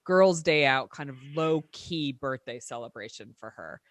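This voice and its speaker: A woman co-hosting a casual podcast, agreeable and quick to laugh, blunt and sweary. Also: rumbling low, animated. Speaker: podcast co-host. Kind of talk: casual chat.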